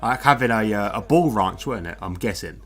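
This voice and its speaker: A man's voice: on the low side, moderate pace. A man co-commentating a live online racing league, laid-back and self-mocking, laughing at himself often.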